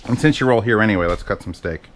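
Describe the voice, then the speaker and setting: A man's voice: fairly low pitch, fast, a little hiss or hum. A man chatting casually and rambling with profane, self-mocking asides while he cooks in his home kitchen. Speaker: cooking vlogger. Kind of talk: casual cooking vlog chat.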